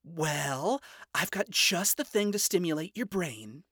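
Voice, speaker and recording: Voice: medium pitch, expressive, measured pace, bright, forceful tone, no room sound, clean studio sound, voice pushed up, full character voice. A narrator voicing a cheerful, earnest young demon princess who talks in an upbeat, encouraging way, in a storybook reading.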